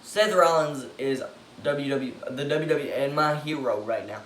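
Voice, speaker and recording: A man giving an excitable, opinionated monologue, swearing and breaking into loud outbursts. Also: fairly high pitch, unhurried, a little hiss or hum. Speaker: wrestling commentator giving predictions. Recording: echoey room with faint ambience.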